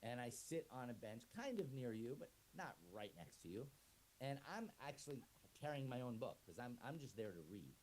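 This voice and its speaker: A man's voice: medium pitch, normal speed, a little hiss or hum, low-quality recording. A middle-aged man, an autism educator, telling an audience a story and acting out both sides of it in voices. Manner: animated storyteller who acts out both sides of a scene in voices. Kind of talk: lively talk to an audience.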